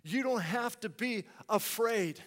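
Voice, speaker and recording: Guy preaching a sermon, kinda high voice, lots of hall echo, throws questions at the crowd. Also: takes it slowly, a bit bright. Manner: rhetorical questions, dramatic quoted complaints.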